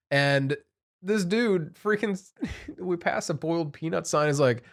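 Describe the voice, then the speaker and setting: A man's voice: mid-range voice, expressive, fairly quick, no echo, studio quality. A man co-hosting a podcast in casual chat, telling easygoing anecdotes. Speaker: podcast co-host.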